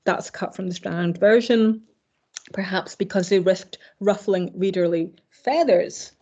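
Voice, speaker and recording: A woman's voice: mid-range voice, a little slow, a little mellow. A woman giving an academic keynote lecture, hesitant with fillers and self-corrections, with dry wry asides. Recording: slightly dull lo-fi recording.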